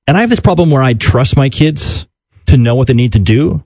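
A middle-aged man co-hosting a morning radio show, telling a family story with lively acted-out quotes. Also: mid-range voice, a little fast, husky, no room sound. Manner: animated, acts out quotes in put-on voices. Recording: dull dry radio studio sound.

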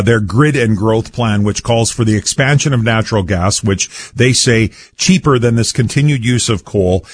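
A man hosting a radio show and questioning a minister pointedly in a studio. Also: mid-range voice.

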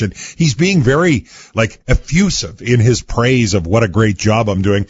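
A man's voice: mid-range voice, moderate pace, hardly any pauses, darkish tone, slightly rough, no room sound, muffled recording. A man, a former police chief, chatting as a guest on a morning radio show and telling a story. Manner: chatty storyteller, laughs easily. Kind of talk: casual radio chat.

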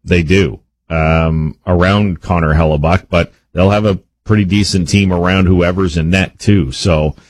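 Deep husky radio guy ranting about hockey, opinionated, dry studio sound. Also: measured pace, few pauses, no room sound, rough recording. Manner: opinionated, animated, speeds up when making a point. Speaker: sports radio co-host. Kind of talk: casual sports talk.

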